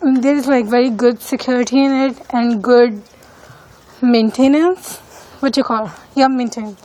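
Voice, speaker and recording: On the high side and mellow, this student's voice holds a steady tone at normal speed. English isn't her first language, and she speaks haltingly with plenty of fillers as she films a casual vlog tour of her neighborhood on her phone, walking outdoors. The recording quality is low.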